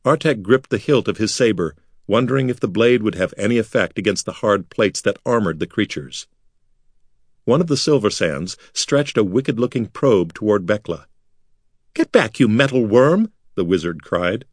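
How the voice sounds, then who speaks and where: A man reading a fantasy novel aloud as an expressive audiobook narrator. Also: on the low side, normal speed, no echo, studio quality. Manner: lively, expressive storytelling.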